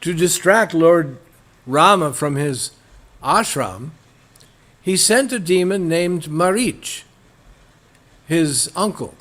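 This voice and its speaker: A man giving a storytelling religious lecture, halting with fillers and acting out characters. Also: a little high, lively intonation, a bit bright.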